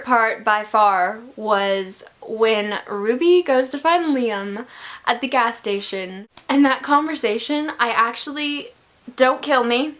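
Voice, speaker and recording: Woman, fairly high voice, excitable fan chatter, casual book vlog. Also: takes it slowly. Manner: gushing, excitable fan talk. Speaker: book reviewer.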